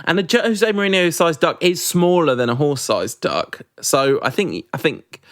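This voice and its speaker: A podcast co-host rambles and jokes through casual chat, self-deprecating and quick to laugh. His voice is a little high and a bit bright, captured in studio quality with no echo.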